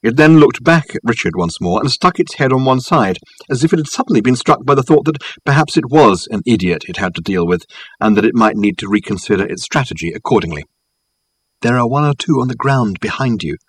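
A man reading a novel aloud in a wry, measured storytelling voice, lightly voicing the characters. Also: on the low side, slightly rough, dry recording, low-quality recording. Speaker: audiobook narrator. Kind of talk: scripted narration.

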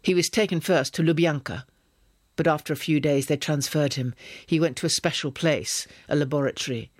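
A man's voice: on the high side, fairly quick, no room sound, clean studio sound, lightly acted. Man voicing a cool, daring young woman spy. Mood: pressing. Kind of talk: audiobook reading.

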